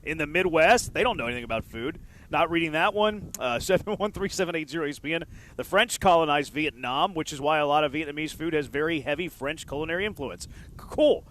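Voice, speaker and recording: A man's voice: a little high, expressive, fast talker, fairly bright tone, poor audio. A man hosting a sports radio show, bantering with his co-hosts and reading listener texts with a teasing, joking manner.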